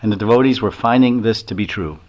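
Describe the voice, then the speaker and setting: A man with a fairly low voice gives a devotional lecture as a swami. He tells stories in a loose, rambling way, chuckling often and acting out quotes. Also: fast.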